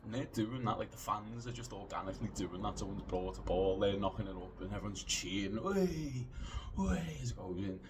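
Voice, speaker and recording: A man in his late thirties casually telling a rambling anecdote, animated, swearing freely and filling pauses with lots of "uh"s. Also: low voice, noisy background. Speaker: podcast storyteller.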